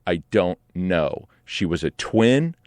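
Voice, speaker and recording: A man in his forties telling a comic personal story in an animated, profane, rambling style, often saying "like" and "right?". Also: sits low, slow, dry recording.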